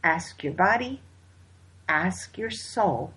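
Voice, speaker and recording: A woman host giving motivational holiday advice, emphatic and repeating her key points, with a husky voice. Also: lowish voice, animated, slow, fairly bright tone. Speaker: wellness host. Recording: dull lo-fi recording.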